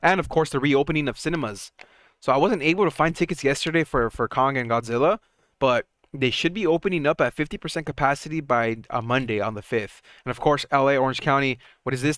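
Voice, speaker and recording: A young man hosting a casual live stock market stream, chatty and excitable, often laughing and restarting his sentences. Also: mid-range voice, fast, no room sound. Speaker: stock market livestream host.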